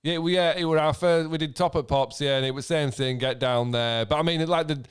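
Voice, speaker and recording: A man remembering his band's early days in a relaxed, rambling way. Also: fairly high pitch, fairly quick, smooth. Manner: relaxed, rambling, many fillers. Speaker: musician guest. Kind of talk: casual chat.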